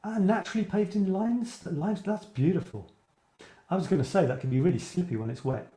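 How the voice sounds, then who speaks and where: A man's voice: sits high, a little fast, dark tone. A man hosting a casual live-stream about writing, rambling and musing aloud as he reacts to viewers' posts. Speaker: writing coach and live show host. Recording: echoey room.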